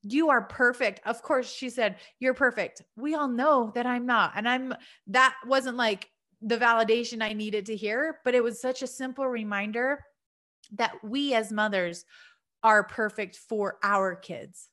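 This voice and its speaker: This mom in her thirties hosts a podcast, her fairly high voice pushed and bright but unhurried. Her casual, heartfelt talk to listeners is earnest and chatty, with lots of fillers.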